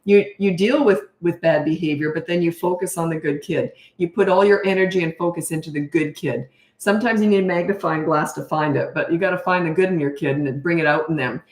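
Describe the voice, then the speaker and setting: A woman's voice: on the low side, fairly quick, reverberant. A middle-aged woman, a parenting coach, answering questions in a frank, chatty way and laughing at herself. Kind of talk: casual live Q&A chat.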